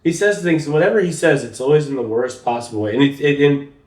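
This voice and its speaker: A man's voice: on the high side, animated, fast, a little mellow, roomy sound. A man with a Texan accent co-hosting a podcast in casual chat, laughing often and restarting his sentences. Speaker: podcast co-host.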